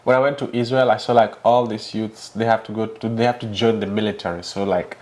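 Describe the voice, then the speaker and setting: A man's voice: fairly low pitch, steady tone, quick pace, darkish tone. Chatty male interview host. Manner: chatty, laughs often, many restarts. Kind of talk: casual interview chat.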